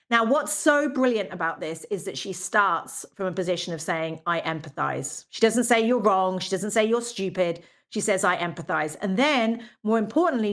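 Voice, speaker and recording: A woman's voice: medium pitch, a bit bright. A middle-aged woman giving an academic lecture in a conversational way, with frequent fillers and quoted asides.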